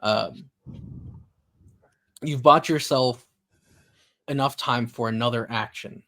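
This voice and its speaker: A man runs a tabletop game as its narrator, setting scenes in a relaxed, halting way. He talks at a middling pitch and keeps stopping to restart his sentences. His speech is full of little fillers as he thinks aloud. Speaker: game master.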